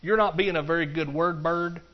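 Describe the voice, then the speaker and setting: A middle-aged man, preaching a folksy, animated sermon to his congregation and often talking to them directly. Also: fairly high pitch, moderate pace, muffled recording. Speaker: pastor.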